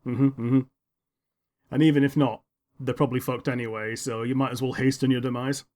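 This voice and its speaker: A man's voice: medium pitch, flat delivery, fairly quick, a little mellow. A man co-hosting a podcast in casual chat, laid-back and agreeable, filling in details about the show. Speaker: podcast co-host.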